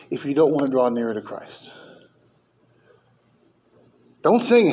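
A man preaching a sermon as pastor, emphatic, with his pitch and volume rising and falling. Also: very animated, fairly quick, hardly any pauses, a little mellow, slight background noise.

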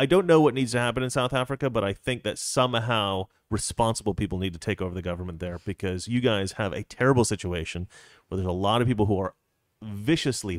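A man's voice: fairly low pitch, no echo, clean studio sound. A man hosting a political live stream, talking casually and rambling with frequent restarts.

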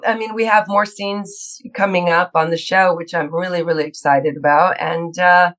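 A woman's voice: fairly low pitch, steady tone, moderate pace, fairly bright tone, poor audio. A woman in her fifties, an actress guest in an interview, talking casually and bubbly with frequent laughs and restarts.

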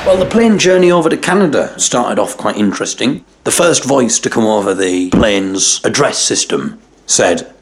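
A man's voice: medium pitch, expressive, normal speed, vocal fry. A man hosting a podcast and telling a wry comic story with mock worry. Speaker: podcast host.

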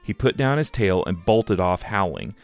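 A man reading aloud as a grumpy old male hobbit farmer who tells his tale with slow relish. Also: deep voice, big pitch swings, soft background music. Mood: storytelling. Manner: drawn-out storytelling with relish.

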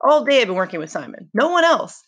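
A woman's voice: fairly high pitch, very animated, quick pace, slightly rough, voice pushed up. Casting note: exasperated boy chief, emphatic, read by a woman. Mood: frustrated. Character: earnest boy leader, frustrated.

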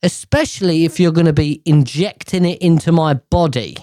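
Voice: mid-range voice, normal speed, warm tone, no echo, studio quality. A comic ranter talking sarcastically and with swearing, arguing both sides of a question in a back-and-forth with himself. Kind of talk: comedic rant.

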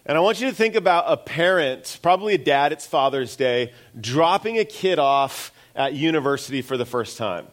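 A man's voice: on the high side, animated, normal speed, few pauses. A middle-aged man preaching a sermon as pastor, in a conversational way with self-deprecating asides.

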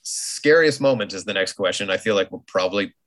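A man in his thirties co-hosting a casual podcast, animated and acting out quotes in his stories. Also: on the low side, brisk. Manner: animated storyteller, acts out quotes. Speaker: podcast co-host. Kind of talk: casual chat.

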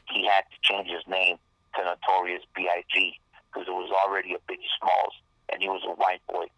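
A rapper appearing as a guest tells a rambling, profane story in casual conversation, acting out what people said. His deep voice is monotone and brisk, and the recording is dry and muffled.

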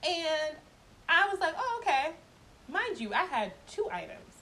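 A woman's voice: high-pitched, very animated, unhurried, pushed and bright, slight background noise, rough recording. A woman telling a personal story in a casual vlog, blunt and profane, laughing often as she talks.

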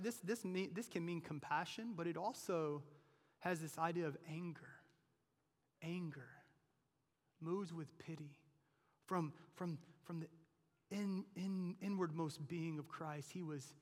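A male pastor preaching a sermon, swinging from emphatic, nearly shouted lines to low, quiet ones. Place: church sanctuary. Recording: long reverb of a large hall.

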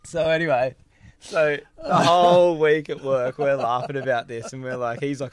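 An Australian podcast host in his thirties, speaking in a mid-range voice at a moderate pace with crowd noise behind him, tells a casual story. He's animated, laughs often, and acts out his friends' lines.

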